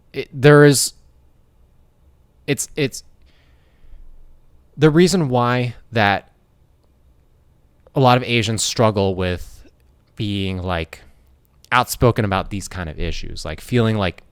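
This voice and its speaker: A man's voice: on the low side, smooth, no room sound. An American man hosting a casual commentary vlog, talking in an earnest, rambling way. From United States. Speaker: YouTuber.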